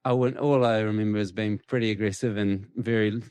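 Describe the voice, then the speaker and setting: A middle-aged man with a New Zealand accent, a cricket coach answering interview questions in a relaxed, reflective and candid way. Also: lowish voice, fairly quick, clean tone, no room sound.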